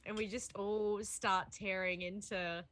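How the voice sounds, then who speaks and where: A woman's voice: medium pitch, level tone, measured pace, a bit bright, no echo. A woman chatting casually on a panel, laughing often and acting out little quoted voices. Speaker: player on the show.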